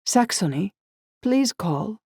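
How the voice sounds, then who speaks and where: A woman's voice: mid-range voice, expressive, takes it slowly, vocal fry, warm tone, breathy edge, dry recording, clean studio sound, voice pushed up, heavily acted. A woman voicing a worried employer in an audiobook, urgent and anxious. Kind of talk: audiobook dialogue.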